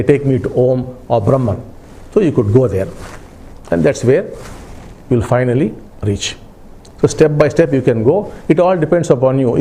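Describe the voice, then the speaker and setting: Guy teaching about spirituality, mellow voice, calm and explaining things over and over. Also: mid-range voice. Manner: calm, explanatory, repetitive phrasing. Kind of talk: spiritual discourse.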